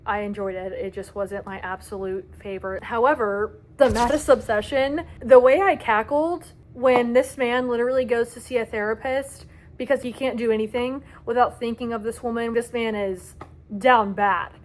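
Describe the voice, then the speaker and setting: A woman's voice: fairly high pitch, steady tone, normal speed, slight background noise. Gushing young woman book vlogger. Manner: dramatic and gushing. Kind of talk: casual book review vlog.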